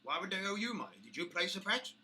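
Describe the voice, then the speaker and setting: A British man voicing a pompous, brutal half-orc crime boss who booms his threats. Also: big pitch swings, quick pace, sharp tone, slight background noise, full character voice. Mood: menacing. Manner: booming, theatrical, threatening.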